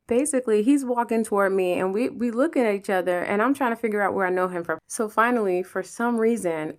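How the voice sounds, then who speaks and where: A woman from Pennsylvania hosting a podcast, telling personal stories in a casual, animated way, swearing freely and acting out the people involved. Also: medium pitch. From Pennsylvania, USA. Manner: animated, profane, acts out the people in her stories. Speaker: podcast host. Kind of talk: casual storytelling monologue.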